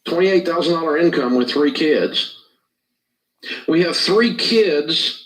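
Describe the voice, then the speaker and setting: A man giving financial advice on a call-in radio show, measured and pointed, stressing the numbers. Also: a little high, expressive. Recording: roomy clip from a distance.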